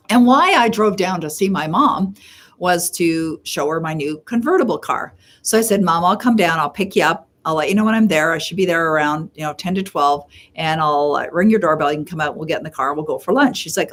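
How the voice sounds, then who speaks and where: A middle-aged woman from Canada hosting a live Q&A, telling stories in a chatty way and slowing down to stress her advice. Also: deep voice, expressive. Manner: chatty storyteller, acts out quoted voices; slows and stresses key points. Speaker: host answering viewer questions. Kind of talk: live Q&A coaching talk.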